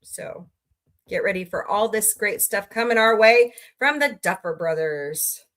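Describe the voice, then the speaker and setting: Bright, chatty woman livestream host. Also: medium pitch, a little slow. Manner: chatty, greets viewers by name, ranting. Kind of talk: casual chat with live chat readers.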